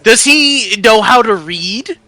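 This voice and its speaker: A man's voice: sits high, animated, slow, bright, forceful tone. A man playing a tabletop game who stammers and laughs while he talks. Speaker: player. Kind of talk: casual tabletop play.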